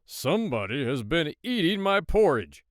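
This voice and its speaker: A man voicing a big, gruff father bear in a storybook reading, booming and raised. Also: very animated, normal speed, no room sound, clean studio sound. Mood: indignant.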